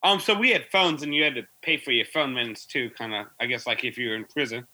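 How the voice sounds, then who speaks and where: Bright-voiced man telling army stories. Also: medium pitch, fast, low-quality recording. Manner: rambling storytelling with fillers. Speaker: army veteran guest. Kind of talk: casual podcast chat.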